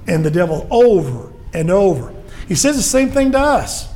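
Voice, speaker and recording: A man's voice: high-pitched, big pitch swings, moderate pace, darkish tone. A man preaching a sermon in an earnest way, acting out quoted voices as he goes.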